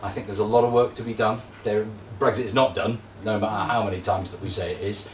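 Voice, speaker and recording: Man, low voice, rapid, agreeable political answer, roomy distant hall sound. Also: fairly even intonation. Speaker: Labour candidate at a hustings. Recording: echoey hall, distant mic, faint noise.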